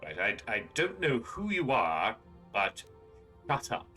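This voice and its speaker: A man's voice: mid-range voice, huge pitch swings, measured pace, bright, forceful tone, faint music behind. A man streaming a game and commentating casually, sarcastic and jokey as he talks back to the characters. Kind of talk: casual commentary over gameplay.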